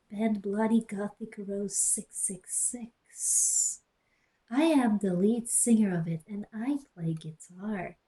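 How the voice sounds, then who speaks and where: The recording is low quality: a young woman streamer with a warm, medium-pitched voice reads a story in mock-dramatic style. She adds sarcastic asides and muttered jokes, speaking into a cheap gaming headset in a small closed room.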